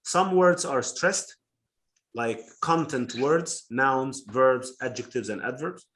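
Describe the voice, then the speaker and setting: A man teaching a live online class, heard through a video call. He explains patiently and step by step, at an even middle pitch. He repeats each key term so that students can follow. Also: slow pace.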